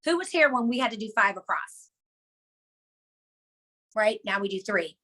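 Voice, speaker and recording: A woman hosting a motivational team call, energetic and emphatic, repeating her key points with chatty asides. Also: medium pitch, normal speed.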